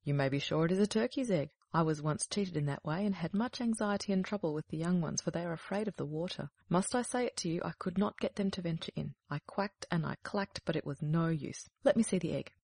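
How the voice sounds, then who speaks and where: A woman's voice: fairly low pitch, a little fast, gravelly, hardly any pauses, a little mellow, husky, no echo. A woman reading aloud, voicing a knowing old female duck who gives matter-of-fact advice in a fairy tale.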